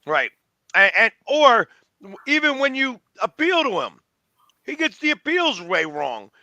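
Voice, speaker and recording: A man's voice: extremely high pitch, big pitch swings, unhurried, bright, forceful tone, no echo. A man co-hosting a sports talk show, speaking emphatically and with indignation in a casual chat.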